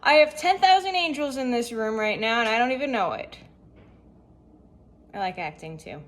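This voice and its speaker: A young woman with a high, bright-sounding voice chats to the camera in a loose, rambling way. She drifts between thoughts and keeps asking rhetorical questions, sharing casual self-help musings. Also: animated, moderate pace. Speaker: vlogger.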